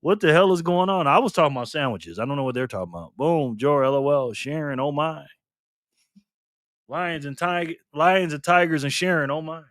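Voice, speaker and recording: A man's voice: on the high side, normal speed, a bit bright, dry recording, studio quality. A man hosting a live stream in a casual chat style, reading viewer comments aloud, laughing often and cheering on players. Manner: laughs often, loose and playful.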